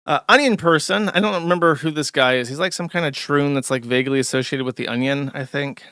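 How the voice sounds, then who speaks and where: A man's voice: fairly high pitch, fast talker, a bit bright, clear, resonant tone, no echo, studio quality. A man hosting an online commentary show, talking casually in a sarcastic, mocking way. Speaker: show host.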